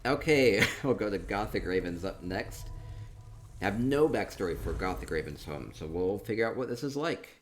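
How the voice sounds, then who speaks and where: A man chatting casually through a tour of a game, upbeat and quick to repeat himself, with soft laughs between remarks. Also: on the low side, expressive, slight background noise. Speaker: gaming streamer touring player-built homes. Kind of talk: casual gameplay commentary.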